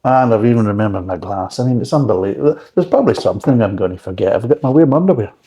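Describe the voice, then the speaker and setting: Mellow, rambling man chatting recipes. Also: lowish voice, lively intonation, quick pace. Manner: rambling, chatty, dry joking asides. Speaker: drinks reviewer. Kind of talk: casual home recipe chat.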